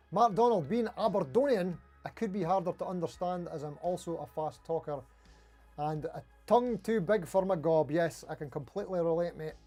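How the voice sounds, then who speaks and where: A middle-aged man from Dundee talks quickly in a broad Scottish accent, answering viewers on a casual guitar livestream. His voice sits high yet sounds warm and soft-edged. Faint music plays behind him. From Scotland. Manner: fast-talking, chatty, reading out viewer comments. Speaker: livestream host.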